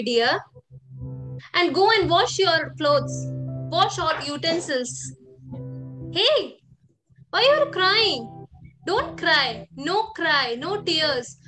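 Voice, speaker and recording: A woman's voice: high voice, bright, forceful tone, heavily acted. A woman playing a rich auntie who orders a servant girl around in an amateur classroom skit, with commanding, repeated orders. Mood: bossy.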